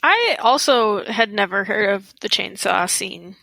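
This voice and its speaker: A woman's voice: mid-range voice, expressive, a little slow, creaky, bright, forceful tone, no room sound, poor audio. A woman co-hosting a podcast, chatting casually about a film, giggly and often hesitant as she restarts her thoughts. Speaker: podcast co-host.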